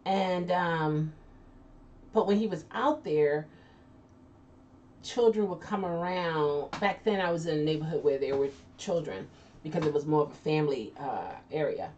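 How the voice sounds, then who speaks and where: A woman's voice: low-pitched, measured pace, a little mellow. Chatty woman on a distant lo-fi mic. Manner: chatty, laughs often, trailing restarts. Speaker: host. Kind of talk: casual chat reading viewer comments. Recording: distant lo-fi mic with faint noise.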